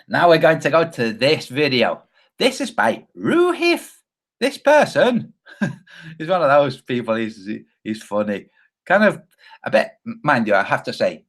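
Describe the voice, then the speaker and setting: A man's voice: fairly high pitch, slightly rough. A man giving casual, sarcastic commentary over videos, often asking "okay?".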